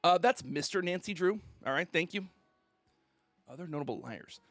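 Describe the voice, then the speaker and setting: A man's voice: fairly high pitch, animated, moderate pace, fairly bright tone, no room sound, faint music behind. A man streamer ranting on a casual livestream, mock-indignant and theatrical, who keeps asking "okay?".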